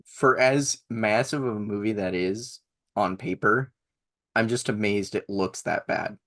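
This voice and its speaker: A man's voice: on the low side, unhurried, a bit bright. A young man co-hosting a podcast in casual chat, enthusiastic and rambling, laughing often. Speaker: podcast co-host.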